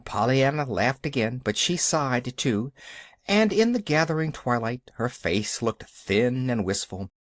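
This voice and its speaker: An audiobook narrator reading a storybook aloud in an expressive, animated way. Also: medium pitch, unhurried, no room sound, studio quality.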